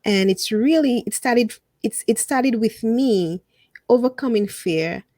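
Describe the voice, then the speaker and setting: A woman guest on a casual interview podcast, telling her stories in an animated way, acting out what people said and laughing often. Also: a little high, measured pace, no echo, studio quality. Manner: animated storyteller who acts out quotes and laughs often. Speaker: podcast guest and fellow podcast host.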